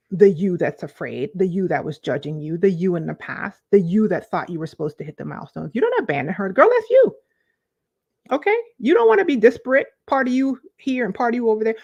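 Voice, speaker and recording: A woman, a life coach, giving animated, conversational advice to camera and repeating phrases for emphasis. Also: medium pitch, muffled recording. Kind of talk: direct-to-camera coaching talk.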